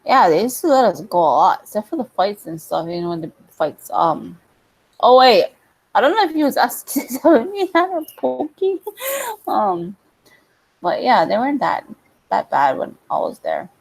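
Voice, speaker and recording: Young woman vlogger, relaxed rambling chat, mid-pitched voice. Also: normal speed, creaky. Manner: rambling, laid-back, laughs often. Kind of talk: casual chat.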